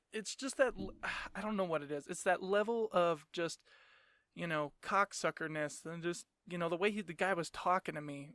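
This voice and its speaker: A young man hosts his own podcast as a casual solo rant, sarcastic and profane, laughing often. His high voice has a fairly bright tone, captured as clean studio sound with no room sound.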